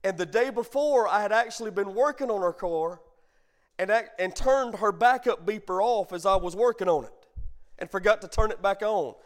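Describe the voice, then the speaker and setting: Pastor, man, middle-aged, high voice, preaching with call-and-response and folksy storytelling. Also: normal speed. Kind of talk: sermon.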